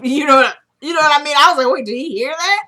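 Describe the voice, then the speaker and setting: A woman's voice: sits high, fast talker. Chatty young woman recapping a show. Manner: chatty, animated, quotes characters' lines in her own voice. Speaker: TV episode recapper. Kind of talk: casual chat recapping a TV episode.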